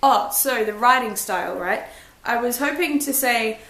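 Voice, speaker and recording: A woman's voice: a little high, animated, normal speed, fairly bright tone, roomy sound. Blunt, chatty young woman reviewing books. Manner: blunt, chatty, self-deprecating. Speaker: book vlogger. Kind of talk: casual book review vlog.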